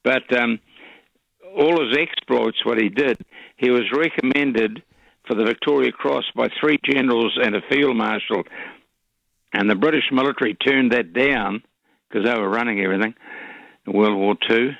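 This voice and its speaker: Gravelly rambling New man. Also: mid-range voice, a bit bright, dry recording. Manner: rambling, halting, full of fillers. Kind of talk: casual radio chat. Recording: dull lo-fi radio audio.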